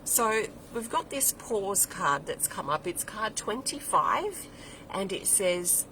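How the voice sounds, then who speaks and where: A woman's voice: mid-range voice, sing-song, slow, background noise. A woman giving a weekly spiritual oracle card reading, talking in a flowing way that repeats and lists words as she thinks aloud. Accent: non-American English accent.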